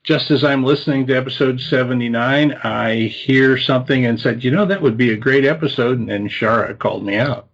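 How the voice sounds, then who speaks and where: A man in his fifties, a medical advisor guest, talking in a relaxed, rambling way. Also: mid-range voice, fairly quick, hardly any pauses. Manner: relaxed, rambling, with many fillers. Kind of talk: casual interview chat. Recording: dull lo-fi call audio.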